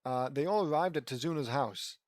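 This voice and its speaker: A man's voice: mid-range voice, fairly quick, no room sound, clean studio sound. A man casually reading a fan fiction story aloud, stumbling over words, swearing and breaking off for joking asides.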